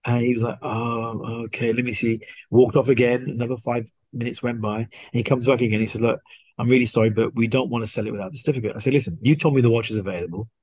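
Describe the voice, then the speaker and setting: A man, a podcast guest, casually telling a story and acting out the dialogue in an animated way. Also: medium pitch, fast talker, dry recording. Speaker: guest watch collector.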